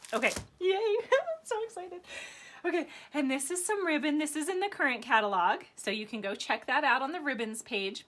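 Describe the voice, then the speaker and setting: A woman's voice: sits high, a little hiss or hum. Bubbly, gushing young woman. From Arizona, United States. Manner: gushing, bubbly, repeats "so excited". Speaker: craft vlogger. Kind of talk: unboxing vlog. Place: home, sitting on the floor.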